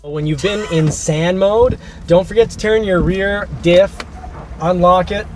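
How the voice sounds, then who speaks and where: A man's voice: sits high, unhurried, soft background music. A man hosting his car channel, talking casually and practically, joking now and then. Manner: chatty, practical, joking asides. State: out of breath after shoveling. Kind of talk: casual outdoor vlog narration. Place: outdoors at a beach by a vehicle. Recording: noisy outdoor recording.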